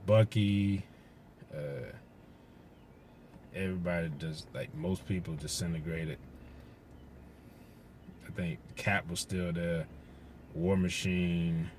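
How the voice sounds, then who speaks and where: A man casually recapping a movie's plot, rambling, swearing and getting excited as he retells scenes. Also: sits low, a little hiss or hum. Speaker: movie reviewer.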